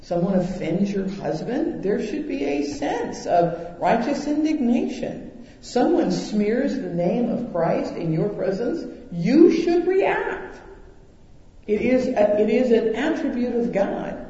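A man's voice: very high voice, takes it slowly. A man preaching a sermon, telling stories animatedly and acting out the voices in them. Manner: animated storytelling with acted-out quotes. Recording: echoey hall, dull lo-fi sound.

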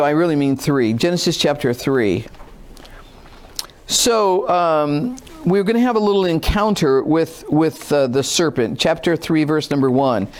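A man teaching a conversational Bible lesson, informal and emphatic, repeating points for stress. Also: fairly high pitch. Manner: acts out a whiny skeptic voice at times.

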